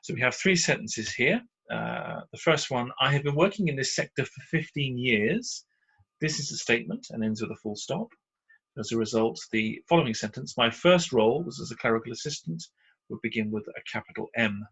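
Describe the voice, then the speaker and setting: A man with a British accent teaching punctuation in a recorded slide lesson, explaining patiently with frequent pauses and fillers. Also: medium pitch, gravelly, fairly bright tone, husky, poor audio. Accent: British English.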